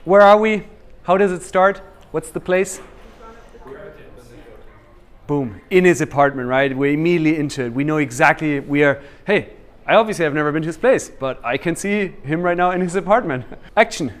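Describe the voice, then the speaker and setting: A man leading a storytelling workshop, energetic and quizzing his audience. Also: a little high, normal speed, clear, resonant tone. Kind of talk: interactive workshop teaching.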